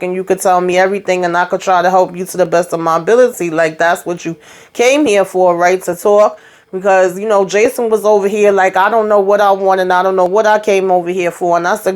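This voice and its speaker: A woman hosting her own show, casually recapping a TV episode by retelling the characters' lines, with wry, sarcastic asides. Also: fairly low pitch. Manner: chatty retelling full of quoted dialogue and asides.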